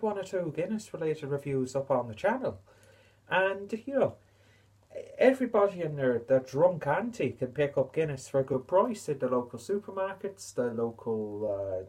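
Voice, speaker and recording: A man talking in a deliberately put-on Irish accent, chatting in a rambling, self-mocking way as he hosts a casual beer review vlog. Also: on the high side, a little mellow.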